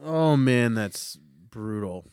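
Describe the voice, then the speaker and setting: A man's voice: medium pitch, expressive, extremely slow, a little mellow, clear, resonant tone, no room sound, clean studio sound. A man in casual chat, answering a friend's story with short reactions and guesses.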